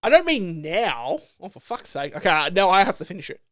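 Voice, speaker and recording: A young man co-hosting a podcast, chatting casually over drinks and telling stories in an animated, sweary way. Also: high voice, a little fast. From Australia. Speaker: podcast co-host.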